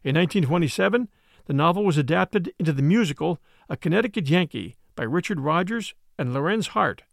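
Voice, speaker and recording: A man reading a story aloud as an audiobook narrator, with expressive, shifting emphasis. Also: on the high side, a little fast, creaky, dry recording, clean studio sound.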